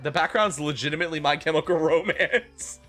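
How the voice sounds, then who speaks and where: A man's voice: fairly high pitch, a bit bright. A man streaming a comedic dramatic reading, with sarcastic, swearing, laughing asides. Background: faint rock music.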